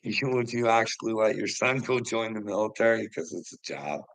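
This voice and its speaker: Gravelly, heated middle-aged man ranting. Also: lowish voice, normal speed, dry recording, rough recording. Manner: heated, profane, laughs often. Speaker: livestream host talking to chat. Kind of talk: casual livestream rant.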